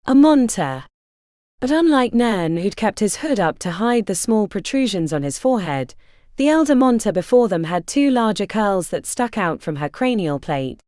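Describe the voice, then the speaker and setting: This fantasy audiobook is narrated expressively by a woman with a mid-range voice speaking at normal speed. The sound is dry and cleanly studio-recorded.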